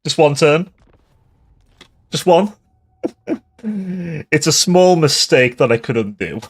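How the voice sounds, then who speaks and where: A man's voice: a little high, lively intonation, takes it slowly, husky. Tipsy, swearing man streaming a game. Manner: swears a lot and laughs often. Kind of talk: casual gaming livestream commentary.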